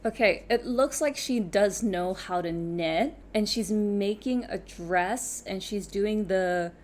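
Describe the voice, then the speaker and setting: A woman's voice: mid-range voice, slow, a little mellow, a little hiss or hum. A young woman with an international-school accent, casually chatting as host of a knitting reaction video. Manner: chatty, laughs easily, thinks aloud.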